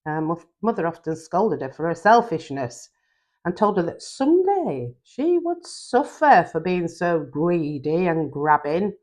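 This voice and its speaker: An older woman with a Yorkshire accent reads a children's bedtime story, stopping for chatty homely asides. She takes her time, and her voice rises and falls in a lively sing-song. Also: lowish voice, measured pace. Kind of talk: reading a children's story aloud.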